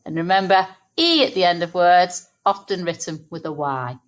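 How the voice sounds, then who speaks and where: A woman teaching young children phonics, sounding out words slowly and clearly. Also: fairly low pitch. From England. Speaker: primary school teacher. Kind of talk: early-years phonics lesson.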